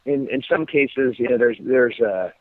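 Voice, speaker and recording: Speaking a little slowly in a mid-range voice, this fighter from the United States is a guest on a phone interview. The line sounds tinny but has no echo, and his relaxed storytelling is peppered with ums and false starts.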